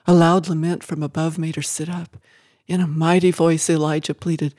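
A narrator giving an expressive, emotive audiobook reading of a story. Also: mid-range voice, moderate pace, dry recording, clean studio sound.

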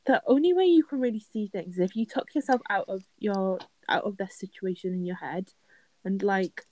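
A woman's voice: medium pitch, moderate pace, darkish tone, no room sound, poor audio. A young woman, chatting casually as an advice co-host and using lots of "like" fillers. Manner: chatty, filler-heavy, laughs often. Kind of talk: casual chat.

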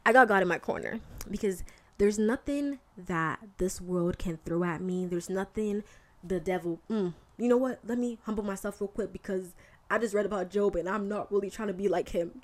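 A woman hosts a podcast and talks through her faith in a loose, candid monologue. She speaks at a middling pitch and shifts energy freely. Her delivery is conversational and animated, dotted with slangy asides. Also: a little fast. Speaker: podcast host. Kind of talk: casual faith talk monologue.

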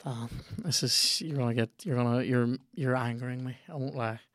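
A man's voice: medium pitch, fairly even intonation, moderate pace, fairly bright tone, no echo, studio quality. A man hosting a podcast, chatting casually and swearing as he rambles and reacts aloud to a video game he is playing. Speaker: podcast host.

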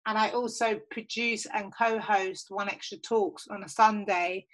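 A woman's voice: medium pitch, a bit bright, rough recording. A young woman who works as a radio producer and presenter, answering interview questions in a chatty, upbeat way with lots of fillers.

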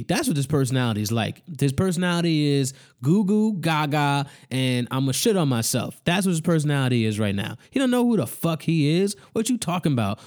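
A man, ranting in a casual monologue. His voice sits a bit high, and his pitch swings widely as he rants, profane and exasperated. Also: a little mellow. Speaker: commentator. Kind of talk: casual rant.

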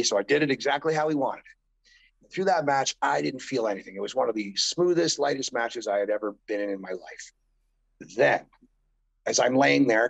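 A man's voice: fairly low pitch, gravelly, husky, no echo, low-quality recording. A middle-aged man, a former pro wrestler, rambling through profane stories in a casual interview and acting out the voices of people he quotes.

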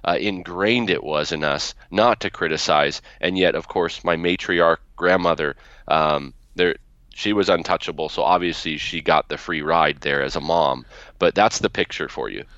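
A man being interviewed, recounting his family story in a measured way with hesitant fillers. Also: deep voice, a bit bright, no room sound, lo-fi sound. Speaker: guest, author.

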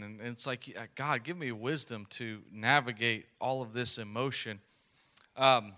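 A man preaching to a young adult group in a conversational, animated way, telling family stories and reading scripture. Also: mid-range voice. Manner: conversational, animated, with storytelling asides. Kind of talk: sermon.

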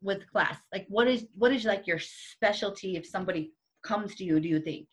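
A woman's voice: medium pitch, brisk, slightly rough. A woman interviewing a guest, giving encouraging affirmations and asking questions. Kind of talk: casual interview.

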